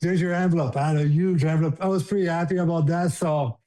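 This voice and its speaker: A man's voice: a little high, steady tone, fast, warm tone. A man in his fifties with a French accent tells stories in a casual, emotional way. He laughs easily and his voice rises when he acts out other people's lines. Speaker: guest, former hockey player. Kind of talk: casual storytelling.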